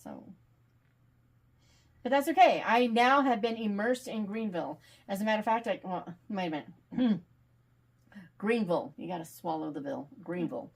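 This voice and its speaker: A woman author in a casual interview, talking in an animated, chatty way with plenty of laughter. Her pitch sits in the middle of the range, and she speaks like someone who has a lot to tell. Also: normal speed, creaky, pauses often. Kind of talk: casual video call chat.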